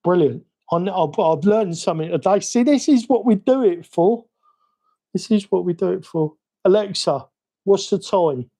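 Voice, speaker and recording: Chatty Cockney man, mellow voice. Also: high voice, expressive, moderate pace. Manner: chatty, self-mocking, rambling. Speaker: hobby livestream host. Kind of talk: casual live-stream chat while working.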